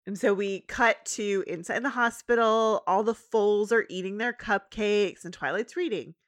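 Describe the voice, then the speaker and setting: A woman in her thirties, recapping a cartoon episode in casual chat and acting out the characters' lines. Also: moderate pace. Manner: animated, acts out characters' lines in a high voice. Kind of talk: casual chat, retelling with voiced quotes.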